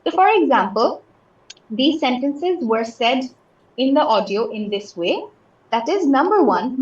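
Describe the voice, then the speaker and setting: A woman from Bangladesh teaches an English lesson, working through example after example and checking that students understand. Her voice sits a little high. The audio is somewhat dull and echoey, like an online class. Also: animated, takes it slowly. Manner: patient, explains with many examples and checks understanding.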